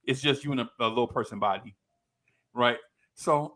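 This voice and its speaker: A man in his fifties, co-hosting a podcast, telling a story with lively energy and acting out the people in it. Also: mid-range voice, normal speed, pauses often. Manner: animated storyteller, acts out quoted people in a raised voice. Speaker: podcast co-host. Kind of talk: casual chat.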